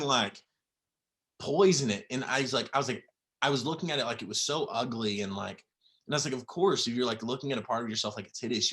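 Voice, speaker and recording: Young man guest, bright forceful voice, halting, near tears. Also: medium pitch. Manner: halting, many fillers and restarts. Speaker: podcast guest. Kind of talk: emotional personal storytelling.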